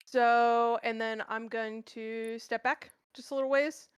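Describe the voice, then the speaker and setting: A woman playing a tabletop game, talking hesitantly with many pauses and ums. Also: a little high, fairly even intonation, smooth, no echo, clean studio sound. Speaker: player. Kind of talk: casual tabletop play.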